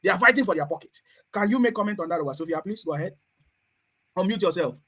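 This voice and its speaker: Quick, high-voiced male host. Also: expressive, pushed and bright, slightly rough. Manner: rapid, questioning, prompting guests. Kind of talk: online discussion hosting.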